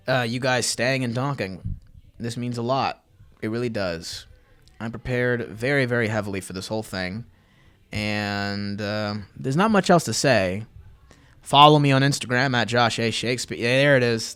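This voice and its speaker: A man's voice: medium pitch, a bit bright, clear, resonant tone. A young man hosting his own podcast livestream, chatting loosely to viewers with fillers, tangents and plugs for his channels. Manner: rambling, loose, with fillers and self-promotion. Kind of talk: casual livestream chat to viewers.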